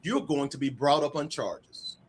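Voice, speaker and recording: Fairly high-pitched and slightly rough, a middle-aged man speaks at a moderate pace as an interviewed author. He spins casual, animated stories, performing the dialogue himself.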